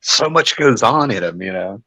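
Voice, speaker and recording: A man's voice: on the low side, lively intonation, normal speed, bright, forceful tone, breathy edge, dry recording. A man in casual podcast chat, rambling and self-deprecating. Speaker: podcast panelist.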